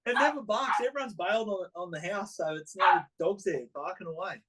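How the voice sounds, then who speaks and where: A man's voice: high-pitched, fairly quick, sharp tone, slightly rough, low-quality recording. A man, a tattoo artist chatting casually, rambling with lots of fillers and laughs. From Australia. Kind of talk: casual chat. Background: dog barking.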